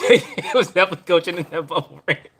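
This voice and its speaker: A man's voice: sits high, racing, a bit bright, a little hiss or hum. A man hosting a live podcast stream, ranting about his team's coach in a rambling, exasperated way, repeating himself and trailing off. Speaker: podcast host.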